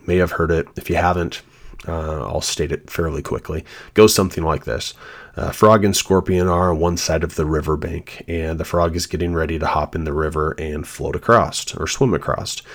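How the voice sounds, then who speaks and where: A deep, steady, brisk male voice hosts a devotional podcast. He speaks earnestly and reflectively, sharing his own personal testimony.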